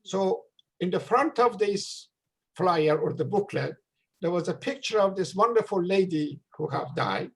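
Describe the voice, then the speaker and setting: A man giving an earnest memorial talk over a video call, pausing often with drawn-out fillers. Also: sits high, lively intonation, gravelly, a bit bright, breathy edge, low-quality recording. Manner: hesitant, many drawn-out uh fillers. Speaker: memorial gathering speaker. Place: home room, virtual gathering. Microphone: video call microphone.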